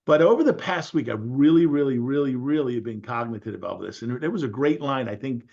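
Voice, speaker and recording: A man in casual group call talk, an animated storyteller in real estate who quotes others as he goes. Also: medium pitch, brisk, creaky, muffled recording.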